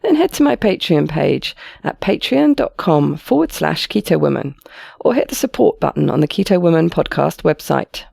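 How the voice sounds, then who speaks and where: Gravelly, lively-voiced woman podcast host. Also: deep voice, normal speed, dry recording. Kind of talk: podcast intro and interview.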